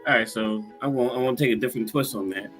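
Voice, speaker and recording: A man's voice: medium pitch, very fast, a bit bright, faint music behind, poor audio. A man, a pastor, making earnest, preachy points on a talk show and repeating them. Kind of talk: casual panel discussion.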